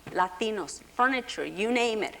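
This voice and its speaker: A woman's voice: a little high, animated, normal speed, gravelly, noisy background. A woman speaking on a panel at a public forum, talking with passion and emphasis and often checking in with "okay?". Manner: impassioned, emphatic, frequent "okay?". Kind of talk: panel discussion. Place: lecture hall forum.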